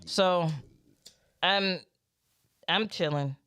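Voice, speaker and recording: A woman's voice: fairly low pitch, extremely slow, a bit bright, clear, resonant tone. A woman hosting a podcast, telling a church story in casual chat, swearing freely and laughing often. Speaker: podcast host.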